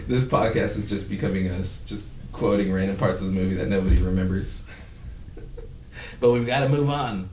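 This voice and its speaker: Low-voiced man rambling in an echoey room. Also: normal speed, a little mellow, far from the mic, a little hiss or hum. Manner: rambling, profane, breaks into laughter. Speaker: podcast host. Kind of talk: casual chat.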